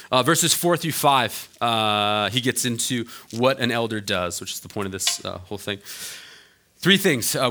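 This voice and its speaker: A man preaching a sermon as a pastor, animated and jokey with many fillers and restarts, dropping low and quiet for earnest points.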